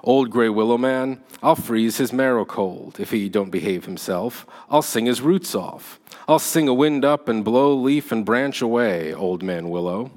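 A man voicing a boisterous, jolly old male forest master who speaks in loud, sing-song rustic commands while reading a story aloud. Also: medium pitch, measured pace, natural voice. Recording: long hall reverb.

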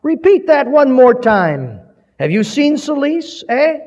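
A man's voice: high-pitched, unhurried, a little mellow, pitched above the performer's own voice. A man voicing a brawny, reformed miner who thunders threats at a heckler. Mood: thundering. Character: brawny reformed male miner, furious and blunt. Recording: dull recording with long hall reverb.

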